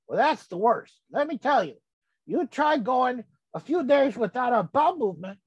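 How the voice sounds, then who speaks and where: A woman's voice: fairly high pitch, sing-song, normal speed, a little mellow, slightly rough, no room sound, low-quality recording. A woman voicing a cranky, rambling old grandfather who gets sidetracked in a folksy comic monologue. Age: older. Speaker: comedy character host.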